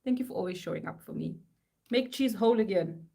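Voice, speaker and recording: A woman's voice: mid-range voice, expressive, fast, gravelly, dark tone. A woman, chatting casually while she works on art. She reads silly slogans aloud in a playful, mock-serious chant. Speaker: artist live-streaming.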